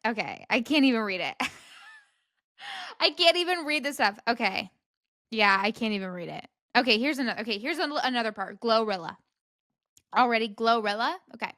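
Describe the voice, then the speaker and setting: A woman's voice: a little high, big pitch swings, moderate pace, long pauses, sharp tone, no room sound, studio quality. A young woman hosting a podcast, chatting casually and reacting with disbelief, often cutting herself off mid-sentence. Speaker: podcast host. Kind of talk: casual commentary.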